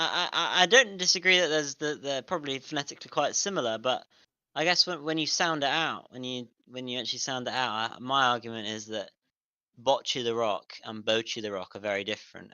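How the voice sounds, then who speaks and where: A man's voice: medium pitch, brisk, smooth, no echo, lo-fi sound. A British man co-hosting a stream, pushing back in casual chat with many stammered restarts. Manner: stammering restarts, lively pushback. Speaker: streamer co-host.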